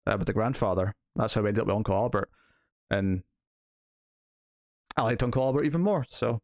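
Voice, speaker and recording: A man's voice: on the low side, brisk, dry recording, clean studio sound. A man hosting a casual TV news podcast, chatting with lots of fillers and frequent laughter. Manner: laughs often, filler-heavy rambling. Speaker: podcast host. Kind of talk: casual chat.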